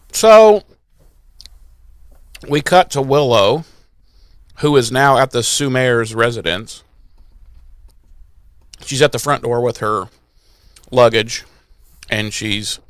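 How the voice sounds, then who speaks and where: A man's voice: medium pitch, clean tone, dry recording, clean studio sound. A man co-hosting a podcast, recapping an episode in casual, jokey, profane chat. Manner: animated, jokey, profane, puts on silly voices. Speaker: podcast co-host.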